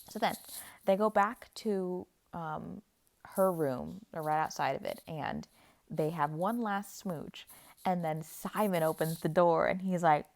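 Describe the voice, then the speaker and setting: A young woman talks through a book's plot in a casual, playful way. Her voice sits a little low, and she jumps into characters' lines to act them out. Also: unhurried. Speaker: book vlogger. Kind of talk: casual book recap.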